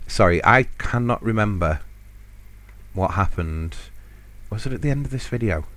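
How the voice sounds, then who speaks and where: Male podcaster, deep voice, dry close sound, loose and self-deprecating storytelling. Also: lively intonation, normal speed, fairly bright tone, dry recording. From United Kingdom. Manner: rambling and self-mocking, chuckling often. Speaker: podcast host. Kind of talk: casual solo storytelling.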